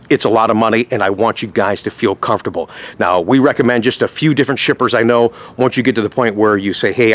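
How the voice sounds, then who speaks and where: A man's voice: fairly low pitch, a bit bright. A middle-aged man hosting a car sales vlog, chatting casually to viewers and acting out customers' lines as he tells stories. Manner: chatty storyteller, acts out callers' voices. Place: outdoors at a dealership lot.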